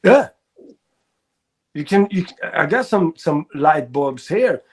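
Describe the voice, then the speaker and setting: A man's voice: on the high side, big pitch swings, slow, breathy edge. A man hosting a casual group chat, laughing often and talking emphatically.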